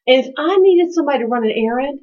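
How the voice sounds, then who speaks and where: High pitched woman telling stories about her kids, lively, kinda muffled audio. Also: rapid-fire. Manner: animated storytelling, acting out family quotes. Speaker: co-host, parent speaker. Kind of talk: conversational podcast talk. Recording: dull lo-fi sound.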